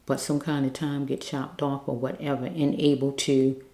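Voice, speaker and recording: A woman's voice: a bass voice, flat delivery, moderate pace, mellow, reverberant, slight background noise. A woman doing a spiritual card reading, talking earnestly and pleading, repeating herself and checking in with listeners. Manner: repetitive, keeps checking in with listeners. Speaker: card reader.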